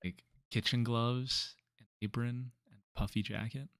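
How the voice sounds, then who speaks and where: A man hosting a casual let's-play, talking relaxed and explaining the game to his partner. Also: medium pitch, unhurried, vocal fry, no echo. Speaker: gaming channel host.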